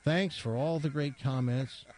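A man's voice: medium pitch, measured pace, a little mellow. A male host chatting and telling an old joke, rambling with many restarts. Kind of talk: comedic chat and joke telling.

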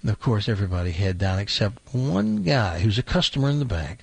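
A male radio show host telling a long joke in a casual, animated way, acting out the characters' lines. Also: fairly low pitch, a little fast, creaky, breathy edge, no room sound. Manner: animated storyteller, acts out shouting robber lines.

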